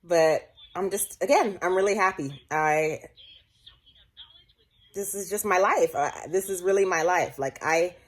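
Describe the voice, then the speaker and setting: A woman's voice: fairly low pitch, a little slow. A woman in her late twenties talking in a personal, reflective vlog at home. She rambles with many restarts, laughs often and comes close to tears. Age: late 20s. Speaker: vlogger.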